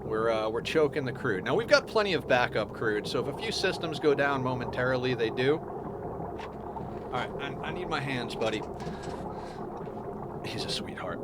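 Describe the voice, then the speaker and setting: A man's voice: mid-range voice, normal speed. A man streaming a game live, chatting casually and explaining each step of his plan as he goes. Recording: steady background noise.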